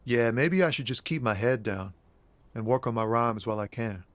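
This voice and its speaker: An actor playing an earnest young trucker and aspiring rapper in a video game, talking in an easygoing, friendly way. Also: male voice, mid-range voice, lively intonation, moderate pace, no echo, close to an everyday voice. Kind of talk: voiced video game dialogue.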